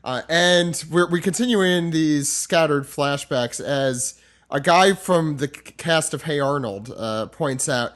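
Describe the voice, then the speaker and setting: A man hosting a podcast, recapping a comic in jokey casual chat, talking quickly and interrupting himself. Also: fairly high pitch, fairly bright tone. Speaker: podcast host.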